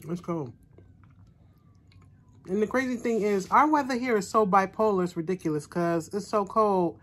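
A woman's voice: medium pitch, moderate pace, long pauses. A middle-aged woman, chatting casually in an eating vlog and savoring her food with hums between bites. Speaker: mukbang vlogger.

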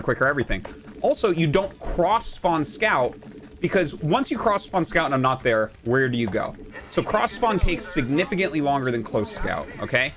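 A man in his thirties streaming a video game, ranting in a profane, exasperated way and sometimes breaking into shouts. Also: a little high. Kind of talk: casual stream rant.

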